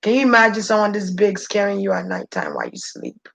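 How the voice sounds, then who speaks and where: A woman's voice: very animated, fairly quick, creaky, hardly any pauses, a bit bright, lo-fi sound. A woman speaking as a channeler in an intense, preachy spirit-channeling monologue. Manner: intense, preachy, shifting pitch.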